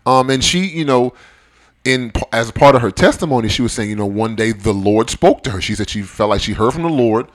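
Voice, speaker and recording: A man's voice: medium pitch, lively intonation, brisk. A man of about forty hosting a casual discussion podcast, talking in a conversational, digressive way with joking asides. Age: around 40. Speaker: podcast host.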